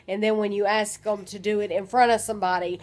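A woman's voice: mid-range voice, fairly even intonation, fast talker, low-quality recording. A woman vlogging at home, chatting casually and switching to sing-song baby talk with her son. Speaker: vlogger and mother. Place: home, indoors and at the back door.

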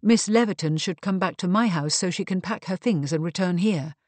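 A woman voicing a tactful young lady investigator who speaks in a measured, careful way. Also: lowish voice, a little mellow, dry recording, close to an everyday voice. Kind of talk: audiobook character reading.

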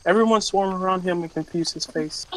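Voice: mid-range voice, brisk, fairly bright tone, a little hiss or hum, rough recording. A young gamer chatting casually with friends in a teasing, laid-back way. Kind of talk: casual gaming chat.

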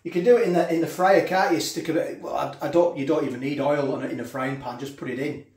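A chatty food vlogger talks casually while tasting, sometimes with his mouth full. His voice sits a little high for a man. The kitchen around him rings with noticeable echo. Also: fairly even intonation, fast talker, darkish tone.

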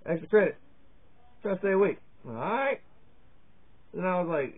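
A man's voice: sits high, expressive, normal speed, long pauses, slightly rough. A man rambling through a profane, jokey comedy monologue to his camera, jumping from topic to topic. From Virginia, USA. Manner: crude, profane, jokey, jumps between topics. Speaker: comedy vlogger. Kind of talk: rambling stand-up style monologue. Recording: tinny phone-like lo-fi sound.

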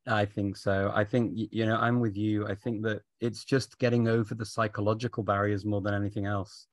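A man interviews in a friendly, agreeable way and laughs easily. His voice sits fairly low. The sound is dry and close, like on a video call. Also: flat delivery, brisk, no room sound. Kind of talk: conversational interview.

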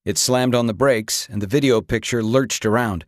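A man reading an audiobook with dramatic, expressive narration. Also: medium pitch, normal speed, no echo, studio quality. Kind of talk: scripted narration.

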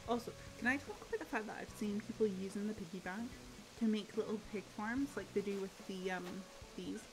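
A young Scottish woman streaming a cozy game, gushing and excitable, often trailing off into fillers. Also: medium pitch, rough recording. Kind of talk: casual gaming livestream chat. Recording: game music playing underneath.

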